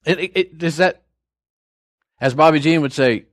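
A man's voice: on the high side, moderate pace, no echo, studio quality. An older man preaching a sermon in a conversational, storytelling way, with folksy asides between scripture points.

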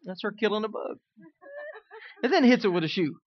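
A man preaching as a pastor, swinging between loud, emphatic lines and quiet, conversational asides. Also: sits high, lively intonation, normal speed, lo-fi sound, heavy background noise. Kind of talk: sermon.

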